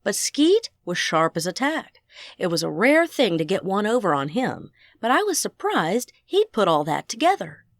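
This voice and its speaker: A woman's voice: mid-range voice, sing-song, moderate pace, dry recording. A woman narrating a first-person audiobook, full of folksy phrases. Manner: folksy Southern idioms.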